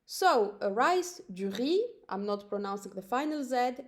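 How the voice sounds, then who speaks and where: A woman gives a language lesson in a slightly high voice. She says each word slowly and repeats it so listeners can copy the pronunciation. Her delivery is patient and methodical. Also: expressive. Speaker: French teacher.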